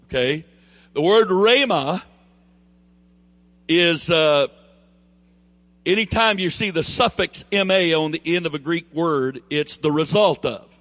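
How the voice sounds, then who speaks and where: A man with a Southern US accent preaching a sermon, emphatic and building to near shouts, then easing into quieter storytelling. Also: a little high, takes it slowly, long pauses. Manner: emphatic, rising to near shouts on key phrases; drops into a quieter storytelling tone for anecdotes.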